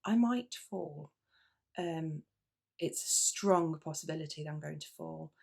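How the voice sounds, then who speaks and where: Speaking unhurriedly in a low, gravelly, husky voice with a little mellowness, this British-accented woman chats casually to camera on her knitting video podcast. She rambles, often breaking off for asides, restarting, and filling gaps with fillers.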